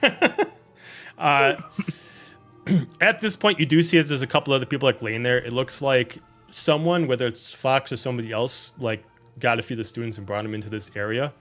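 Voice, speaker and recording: Bright-voiced man running a tabletop game. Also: mid-range voice, a little fast, soft background music. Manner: loose, filler-heavy narration. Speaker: game master.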